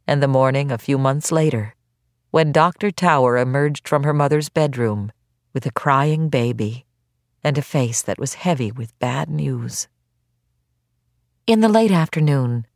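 A woman with a low voice reads an audiobook slowly and expressively, her pitch rising and falling freely. The recording is dry and close. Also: no echo. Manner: unhurried, expressive reading. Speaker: audiobook narrator. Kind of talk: scripted narration. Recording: dry close studio sound.

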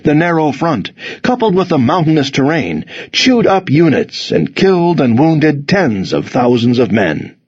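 A man giving a grave, expressive scripted history narration. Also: a little high, measured pace, slightly rough, dry recording, muffled recording. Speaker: documentary narrator.

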